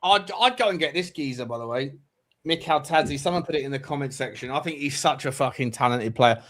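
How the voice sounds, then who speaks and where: A man in a casual football chat, blunt and sweary, with quick banter. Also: mid-range voice, fairly bright tone.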